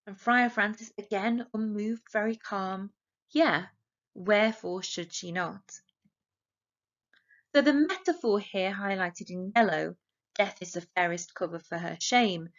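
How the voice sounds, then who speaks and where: An English woman teaching a play for exam revision, explaining steadily and reading the quotations aloud without dramatizing them. Her voice sits at an ordinary middle pitch. The recording is a little dull and lo-fi. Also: moderate pace. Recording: slightly dull lo-fi audio.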